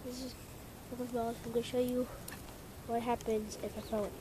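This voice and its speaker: A woman's voice: on the high side, little pitch movement, fairly quick, noisy background. A young woman filming a casual home video, swearing and calling out to her dog while she talks to the camera. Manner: shouting, swearing, playfully exasperated at the dog. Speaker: vlogger.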